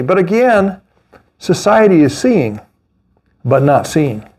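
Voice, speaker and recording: A middle-aged man preaching a sermon as pastor, animated, with mocking asides and laughter. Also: fairly high pitch, slow, breathy edge.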